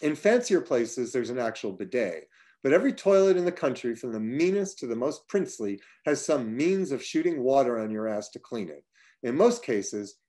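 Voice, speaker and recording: A man reads his own personal prose aloud. His storytelling is dry and wry. His voice sits at an ordinary middle pitch. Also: dark tone. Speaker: writer reading his own work.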